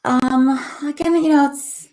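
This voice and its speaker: A woman talking as a guest in a casual conversation, open and reflective, with hesitant pauses. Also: high voice, steady tone, darkish tone, soft background music. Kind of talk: casual livestream chat.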